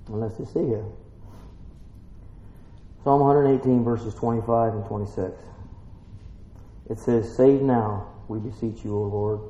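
A man preaching a folksy Bible-teaching sermon, swinging between quiet musing and excited exclaiming. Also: medium pitch. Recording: echoey room, muffled lo-fi sound.

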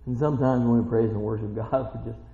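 A man preaching a sermon, shifting from quiet scripture reading to shouted, excited praise. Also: mid-range voice, fast, creaky, background noise. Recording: echoey hall, dull lo-fi sound.

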